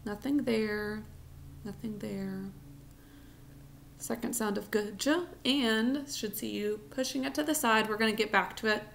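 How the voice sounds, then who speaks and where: A woman teaching a recorded spelling lesson, sounding out words slowly, syllable by syllable, for students at home. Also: medium pitch, gravelly, fairly bright tone, slight background noise.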